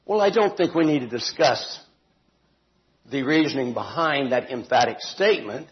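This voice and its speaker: A man teaching a Bible study group in an informal, deliberate way, stressing words and adding homely asides and self-corrections. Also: medium pitch, animated, lo-fi sound.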